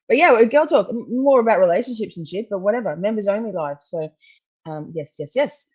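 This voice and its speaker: A woman chats loosely on a live stream, drifting between stories and jokes with easy laughs and the odd swear. Her voice sits at a middling pitch, and the sound is a little dull. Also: expressive, a little fast, a little mellow, husky. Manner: rambling, laughing, swearing, chatty. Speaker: true crime streamer. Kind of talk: casual live-stream chat over court footage.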